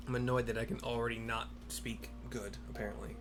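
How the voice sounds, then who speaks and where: A man's voice: medium pitch, level tone, brisk, few pauses, a bit bright, soft background music. A man casually narrating a game for listeners, rambling and correcting himself with chatty asides. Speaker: game narrator and audio describer.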